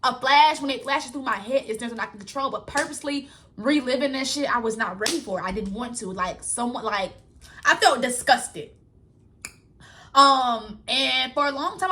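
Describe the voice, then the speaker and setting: A young woman speaks straight to her viewers in a loose, rambling, colloquial way, calling them y'all. Her voice sits a little high and sounds bright and tense. She tells a personal story candidly and unscripted. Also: a little hiss or hum. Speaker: vlogger.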